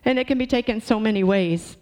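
A woman's voice: fairly high pitch, a little fast, darkish tone. A woman preaching a sermon in a church, talking conversationally and asking the congregation questions.

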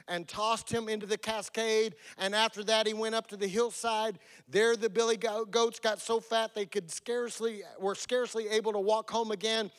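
A man preaching a sermon, retelling a fairy tale in a folksy, animated way, stumbling and repeating words as he goes. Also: high-pitched. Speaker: pastor. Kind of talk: sermon with a storybook reading.

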